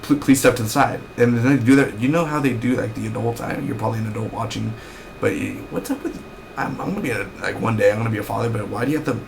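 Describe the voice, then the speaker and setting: A man's voice: lowish voice, fast talker, gravelly, a little hiss or hum. Rambling young man ranting about TV. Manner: rambling, ranting, with frequent fillers. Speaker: TV episode reviewer. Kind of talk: casual recap and review.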